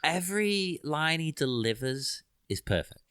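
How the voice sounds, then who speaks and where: A man co-hosting a podcast, chatting about a film in an animated, enthusiastic way. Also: fairly high pitch, unhurried, clean tone, no echo, clean studio sound. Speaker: podcast co-host. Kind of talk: casual film commentary chat.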